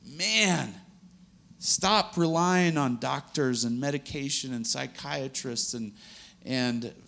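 A man's voice: mid-range voice, takes it slowly, creaky, a bit bright. A man preaching a sermon in an earnest, conversational way, laughing now and then between points.

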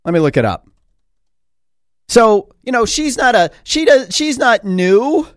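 A man's voice: very high voice, big pitch swings, measured pace, dry recording, clean studio sound. A man who sits on a school board, giving a sarcastic opinion monologue full of rhetorical questions. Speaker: school board member and commentator.

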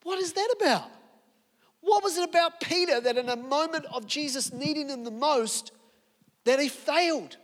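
A man's voice: very high voice, normal speed, a bit bright. A man preaching a sermon, telling a story and firing off rhetorical questions. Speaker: pastor. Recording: long reverb of a large hall.

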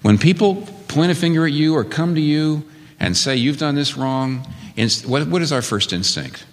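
A man's voice: fairly high pitch, expressive, normal speed, in a large hall. A man preaching a sermon as a pastor, speaking earnestly and emphatically and building to strong emphasis.

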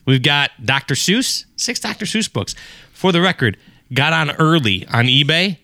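A man's voice: on the high side, sing-song, bright, forceful tone, dry recording. A man hosting a podcast in casual chat, joking and bantering with his co-host. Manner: joking, fast banter with laughs.

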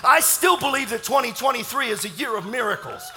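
A man pastor preaching an impassioned sermon to a congregation, often shouting. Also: very high voice, animated, brisk, in a large hall, over music. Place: church sanctuary.

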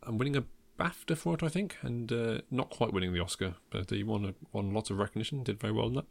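A man's voice: fairly low pitch, fast, vocal fry. A man hosting a casual film podcast, talking in a wry way with many ums and chuckles at his own jokes. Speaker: podcast host.

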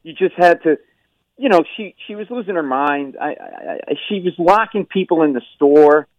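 A middle-aged man from Rhode Island spins a family story on a morning radio show, acting out the people he quotes. His voice sits a little high and sounds dry and close to the studio mic. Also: moderate pace, no room sound, muffled recording. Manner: animated, acts out quoted voices.

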